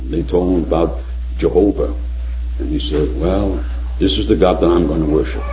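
An older man preaching a sermon, telling a story dramatically and reading scripture aloud with loud emphasis. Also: deep voice, fairly quick, a little hiss or hum. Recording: dull lo-fi recording.

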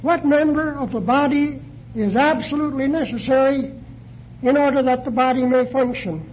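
A man preaching a sermon, measured and deliberate, posing questions to his listeners. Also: very high voice, dull audio, a little hiss or hum.

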